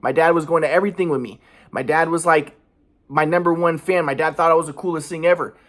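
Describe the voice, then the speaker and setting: A man in his thirties pours out a rambling, aggrieved monologue from his apartment. His voice sits a little high, and he talks rapidly, circling back over the same points again and again. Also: fairly even intonation, a bit bright. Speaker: vlogger. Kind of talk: monologue to camera. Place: apartment by an alleyway.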